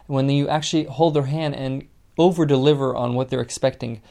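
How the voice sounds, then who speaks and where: A man's voice: mid-range voice, steady tone, fairly quick, vocal fry, warm tone. A man hosting a podcast business lesson, talking conversationally and encouragingly, with frequent fillers. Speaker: podcast host.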